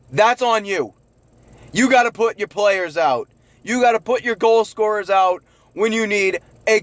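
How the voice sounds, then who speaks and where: A man's voice: sits high, dry recording. A man hosting a sports recap show, ranting angrily and swearing in frustration. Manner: angry ranting, profane, yelling.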